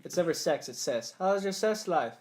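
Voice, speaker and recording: A man putting on an impression of an eccentric cult film director, with dramatic, halting delivery. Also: sits high, lively intonation, a little mellow, voice pushed up. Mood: melodramatic.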